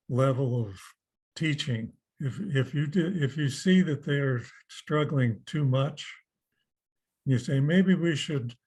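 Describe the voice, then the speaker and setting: Hesitant man asking a slow question. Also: medium pitch, a little mellow. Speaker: trainee teacher asking a question. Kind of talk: question from a participant on a call.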